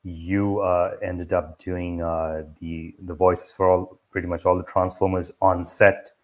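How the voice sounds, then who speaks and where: A male host with a Sri Lankan English accent and a fairly low voice. He asks his questions eagerly and hesitantly, with many fillers. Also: flat delivery, measured pace. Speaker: interviewer, host. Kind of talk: interview questions.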